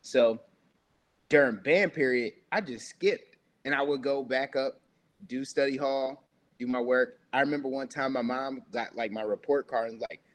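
A man's voice: medium pitch, normal speed. A young man telling a loose, rambling story as a podcast guest, full of filler words. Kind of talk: casual storytelling.

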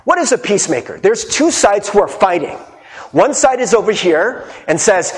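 A male pastor giving a sermon in a conversational, animated way, often mimicking people and laughing. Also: high voice, brisk.

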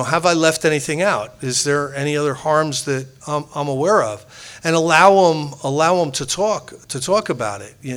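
A man's voice: a little high, fairly bright tone. A man sharing his personal recovery story with a meeting group, rambling and self-deprecating, with frequent restarts.

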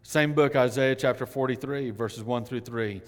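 A male pastor delivering a sermon, swinging between loud emphatic lines and hushed, quiet ones. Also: medium pitch, normal speed. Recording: long hall reverb.

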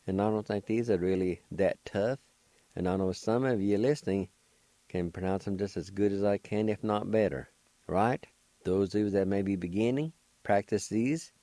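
An older man giving a slow, patient pronunciation lesson on the radio, spelling words letter by letter and repeating each syllable. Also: lowish voice, mellow, dry recording. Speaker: language teacher and radio host.

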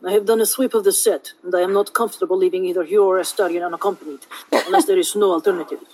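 Woman reader doing a low-voiced, watchful male bodyguard with a faint put-on Indian accent, husky and quiet. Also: steady tone, very fast, natural voice, low-quality recording. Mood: guarded, formal.

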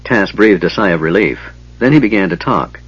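Male audiobook narrator, steady, dry dull lo-fi recording. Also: low-pitched, normal speed, husky, no room sound.

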